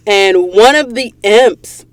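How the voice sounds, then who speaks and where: A woman's voice: medium pitch, slow pace, dry recording. A woman hosting a book podcast, retelling the story in an emotional, dramatic way and speaking directly to her listeners. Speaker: podcast host. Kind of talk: casual book recap podcast. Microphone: studio mic in a recording booth.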